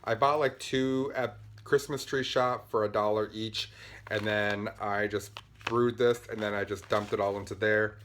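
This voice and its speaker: A man's voice: fairly low pitch, fairly even intonation, a little slow, fairly bright tone, slight background noise. Chatty man rambling on upbeat. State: buzzing on caffeine, talking fast. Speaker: podcast host. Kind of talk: casual show-and-tell chat.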